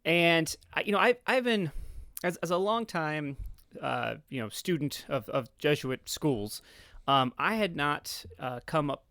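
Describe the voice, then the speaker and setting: A man's voice: fairly high pitch, animated, unhurried, sharp tone, no echo. A man with a Philadelphia accent, a podcast guest explaining earnestly, with many repeats and fillers. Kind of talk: explaining in casual conversation.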